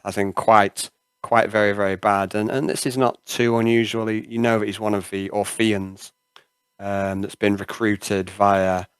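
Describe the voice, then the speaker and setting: A man narrating a tabletop role-playing game as game master. He rambles, filling pauses with "uh", in a smooth, resonant voice. The sound is dry and close. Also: lowish voice, no echo. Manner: rambling, many "uh" fillers.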